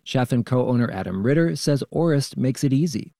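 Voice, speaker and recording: A man, a radio reporter, narrating a scripted news feature in a calm, measured way. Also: medium pitch, vocal fry, no room sound, clean studio sound.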